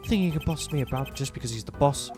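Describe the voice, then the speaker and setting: A man's voice: a little high, animated, fast, music in the background, pitched above the performer's own voice, close to an everyday voice. A man voicing a brash, hot-headed young male rookie detective. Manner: brash, indignant.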